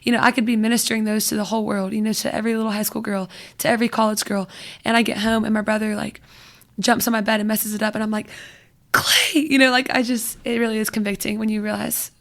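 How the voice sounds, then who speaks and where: Chatty young woman, high and level voice. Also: level tone, fast, gravelly. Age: young adult. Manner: chatty, fills speech with "like" and "you know". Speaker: podcast guest. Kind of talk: casual podcast conversation.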